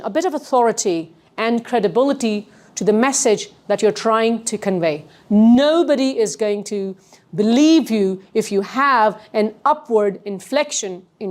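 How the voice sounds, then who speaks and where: A woman's voice: on the high side, darkish tone. A woman, a communication trainer lecturing a class, showing rising and falling tones and asking the room questions.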